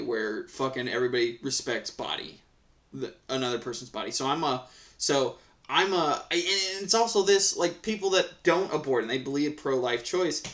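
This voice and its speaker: A man's voice: medium pitch, fairly bright tone. A man reading Reddit stories aloud and reacting in casual commentary, swearing freely and ranting with lots of restarts. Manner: profane, heated ranting; rambling with frequent restarts. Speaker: Reddit story reader and commentator.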